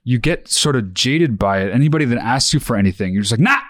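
A man's voice: mid-range voice, expressive, fast talker, dry recording, clean studio sound. A man co-hosting a podcast in casual chat, sardonic and swearing often. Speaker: podcast co-host.

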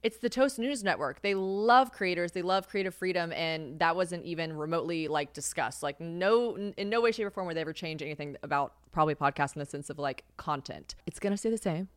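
A young woman hosting a podcast alone, with a light Southern American accent, chatty and animated, full of "like" and casual swearing. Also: fairly low pitch, brisk, hardly any pauses, no room sound. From Southern United States. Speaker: podcast host. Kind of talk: casual solo podcast chat.

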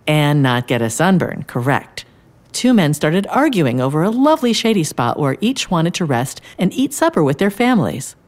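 A woman playing a gentle grandmother who tells a bedtime-style story to a child in an audio drama. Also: deep voice, very animated, moderate pace. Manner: gentle, warm-toned storytelling.

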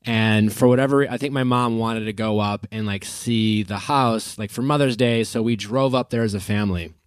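A man's voice: fairly low pitch, moderate pace, smooth, no echo. A man in his forties hosting a podcast in a casual, loose storytelling manner, calling in from a hotel room. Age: 40s. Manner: chatty, laughing, loose storytelling. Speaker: podcast host. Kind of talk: casual chat. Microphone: remote call from a hotel room.

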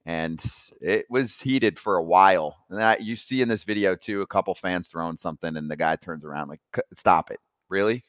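A man hosting a sports podcast in a relaxed, joking way. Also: low-pitched, fairly quick, hardly any pauses, dry recording, studio quality. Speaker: podcast host. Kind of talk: casual sports talk.

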